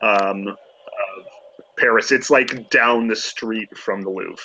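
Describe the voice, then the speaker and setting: A man running a tabletop game as game master, narrating in a relaxed, teasing way. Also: on the low side, slow, slight background noise. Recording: slightly dull lo-fi mic.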